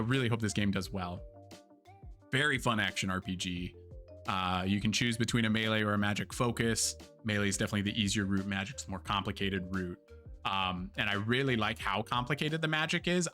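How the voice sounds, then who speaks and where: A man talking through a casual live-stream game review in a bright, sharp, somewhat low voice. He is chatty and candid, with lots of ums, uhs and likes and an occasional swear word. Faint music plays behind him. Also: brisk. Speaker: streamer and host.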